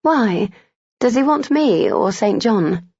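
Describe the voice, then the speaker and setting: An audiobook narrator voicing a poised young gentlewoman who teases lightly. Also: medium pitch, expressive, slow pace, vocal fry, breathy edge, no room sound, lo-fi sound, voice pushed up, full character voice.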